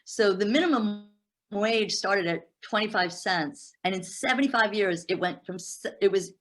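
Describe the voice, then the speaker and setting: Animated woman telling a story. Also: mid-range voice, normal speed. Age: middle-aged. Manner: animated storyteller, acting out dialogue. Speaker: entrepreneur guest. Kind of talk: interview storytelling.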